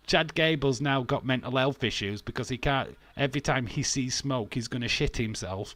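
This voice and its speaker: A man's voice: medium pitch, normal speed, a bit bright, dry recording. Man, casual ranting commentary, blunt and profane, mid-range voice, dry sound. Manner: blunt, swears freely, laughs often. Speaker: wrestling watch-along streamer.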